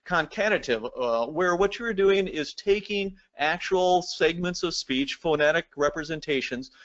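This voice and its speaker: A man's voice: a little high, moderate pace, a bit bright, highs cut off. A man giving a recorded lecture, explaining step by step and addressing the viewers directly. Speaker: presenter.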